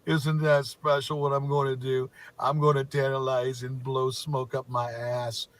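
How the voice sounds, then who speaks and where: A man's voice: mid-range voice, level tone, slow pace, no room sound, natural voice. A man putting on a mocking voice as a rambling, repetitive internet troll. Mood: droning mockery. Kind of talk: mocking parody monologue.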